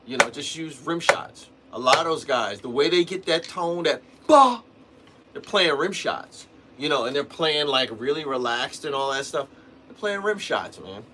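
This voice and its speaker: A man's voice: mid-range voice, animated, normal speed, noisy background. A man hosting a livestream, talking casually about drumming in a rambling way, restarting sentences and adding "man" and "you know". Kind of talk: casual livestream teaching talk.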